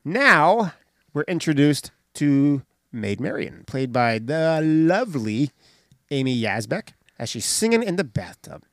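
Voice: medium pitch, a little slow, no room sound, clean studio sound. A podcast host casually recapping a comedy film scene by scene. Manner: animated, recounts scenes and does voices.

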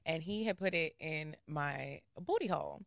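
A woman's voice: low-pitched, expressive, moderate pace, vocal fry, no echo, studio quality. A woman telling a candid personal story in a blunt, frank way.

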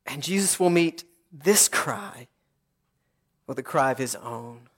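A man as pastor, preaching a sermon in an earnest, rhythmic way with repeated phrases and dramatic pauses. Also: medium pitch, expressive, fairly bright tone.

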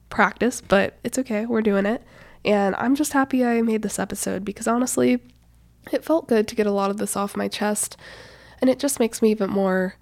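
A woman's voice: medium pitch, darkish tone, no room sound. A woman in her twenties hosting her own podcast in casual, rambling chat, a bit out of breath and with a stuffy nose. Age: 20s. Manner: chatty, rambling, lots of "like" and "you know". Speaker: podcast host.

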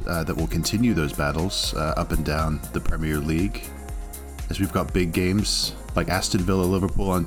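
A man co-hosting a football podcast, reading the weekend's results and then teasing his co-host in casual chat. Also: deep voice. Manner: playful, teasing.

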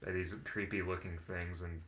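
A man's voice: low voice, flat delivery, normal speed, fairly bright tone, a little hiss or hum. A young man co-hosting a podcast, thinking aloud hesitantly in casual chat. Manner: hesitant, restarts and fillers while thinking aloud. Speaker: podcast co-host.

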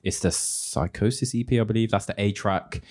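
Deep-voiced laid-back man. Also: normal speed, a little mellow. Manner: laid-back, swears casually, laughs often. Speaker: podcast co-host. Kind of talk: casual chat.

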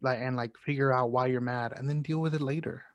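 A man's voice: medium pitch, steady tone, a little fast, dry recording, dull audio. Candid young man in casual chat. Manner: candid, swears freely, rambling with many fillers.

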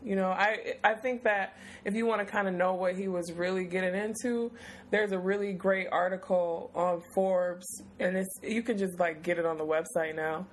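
A woman's voice: fairly low pitch, fairly even intonation, normal speed, slight background noise. A woman hosting a podcast in loose, affectionate, rambling chat with plenty of fillers. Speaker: podcast host.

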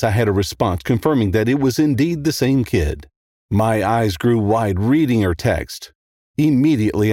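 A man narrating a first-person horror story in a steady, measured way. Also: mid-range voice, no room sound, studio quality.

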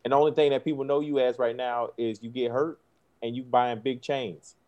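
Animated man telling coaching stories. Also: mid-range voice, fairly quick, dull audio. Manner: animated storyteller, acts out kids' voices, laughs often. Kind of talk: casual podcast chat.

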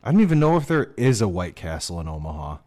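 A man's voice: sits low, sing-song, fast, mellow. A young man co-hosting a podcast, playful and teasing in casual chat. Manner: playful, teasing, laughs easily. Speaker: podcast co-host.

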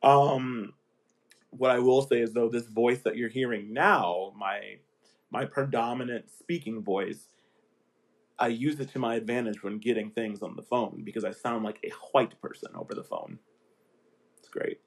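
A man hosts his own podcast in a casual, animated chat, laughing often and slipping into playful voices. He sounds a little sniffly and a bit congested, and his mid-range voice has lively intonation at a normal speed.

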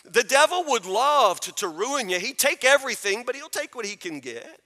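A man with a very high, bright voice preaches a sermon, pressing his points again and again and asking his listeners if they understand. His voice rings with a long reverb in a big hall. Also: very animated, moderate pace. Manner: emphatic, repeats phrases, asks the crowd questions. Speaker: pastor.

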